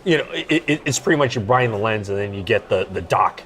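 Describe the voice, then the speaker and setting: A man co-hosting a podcast, chatting over lunch in a halting way with many repeats. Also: fairly low pitch, expressive, fairly bright tone, slight background noise. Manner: hesitant, repeats words and fillers. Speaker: podcast co-host. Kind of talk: casual chat over lunch. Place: busy restaurant. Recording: restaurant crowd chatter behind.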